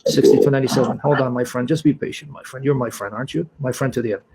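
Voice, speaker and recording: A man's voice: medium pitch, fairly even intonation, very fast, gravelly, a little mellow. A man arguing in a heated online debate, combative and mocking, often talking over his opponent.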